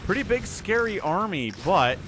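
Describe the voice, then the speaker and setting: A man hosting a live stream and giving chatty, excitable commentary on an esports match, thinking aloud as the play unfolds. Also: sits high, normal speed, background noise. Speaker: game commentator and stream host.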